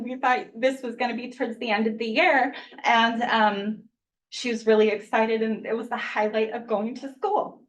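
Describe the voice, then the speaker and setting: A woman's voice: on the high side, fairly even intonation. A mother in her thirties makes a public comment to a school board, earnest and at times choked with feeling. She stands some way back from the podium mic, so her voice sounds a little distant in the meeting room. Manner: emotional, earnest, rushed at times. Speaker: parent speaking at public comment.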